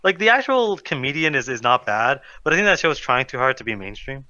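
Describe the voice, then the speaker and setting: A man's voice: mid-range voice, very animated, quick pace, bright, forceful tone, dry recording. A man co-hosting a casual podcast chat, rambling and restarting his sentences. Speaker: co-host. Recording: dull dry mic sound.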